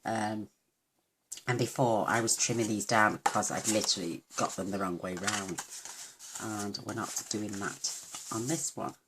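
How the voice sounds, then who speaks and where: A woman's voice: extremely low pitch, fairly even intonation, unhurried, background noise. A woman giving a chatty, homely papercraft tutorial at her craft table, full of self-deprecating asides. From United Kingdom. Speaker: papercraft demonstrator.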